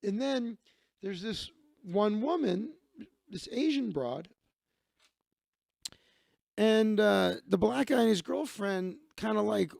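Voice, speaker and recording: A man's voice: high-pitched, expressive, creaky, darkish tone, dry recording, studio quality. A man hosting a live stream, telling stories and answering chat in a rambling, profane, casual way. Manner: rambling, profane, quick asides.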